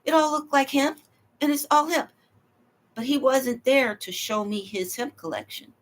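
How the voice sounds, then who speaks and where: A woman's voice: high-pitched, moderate pace. A woman telling a long personal story in a rambling, emphatic way, acting out what people said to her. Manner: rambling, emphatic, acts out quoted dialogue.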